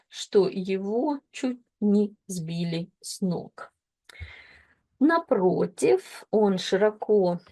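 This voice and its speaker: Woman, language teacher, gravelly fry, careful explaining. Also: medium pitch, mellow. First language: Russian. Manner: slow, careful explanations with self-corrections. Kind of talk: explaining a book read-aloud.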